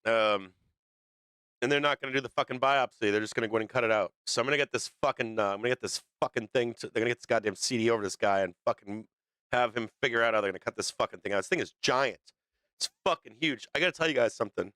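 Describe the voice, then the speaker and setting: A man hosting a livestream, talking unscripted with heavy swearing and halting fillers. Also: mid-range voice, pushed and bright, smooth, dry recording, studio quality. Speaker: livestream show host.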